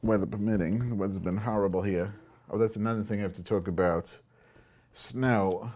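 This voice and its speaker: His voice is mellow and on the low side, with fairly even intonation and moderate pacing. Hosting a crude home webcam show through a computer mic, he curses and mock-insults viewers sarcastically, muttering asides while brewing tea.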